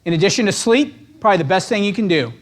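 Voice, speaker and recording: Guy coaching realtors, high pitched, punchy and upbeat, keeps saying right?. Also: expressive, fast talker. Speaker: real estate coach. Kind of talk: motivational training talk.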